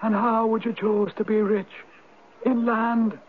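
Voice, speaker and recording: An actor playing an ancient Viking spirit turned Irish hermit who speaks in a measured, knowing, gently probing way, in a 1970s radio drama. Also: male voice, high voice, flat delivery, slight background noise. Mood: instructing. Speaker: Old Man of the Rock. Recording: tinny lo-fi old radio broadcast.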